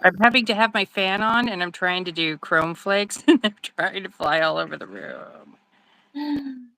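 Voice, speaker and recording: Woman, bright forceful voice, loud casual talk, close phone mic, dry sound. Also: mid-range voice, measured pace, gravelly, dry recording, poor audio. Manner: loud, animated, laughs easily. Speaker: guest resin maker. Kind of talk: casual live-stream chat while crafting. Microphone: phone mic on a video call, close to the face.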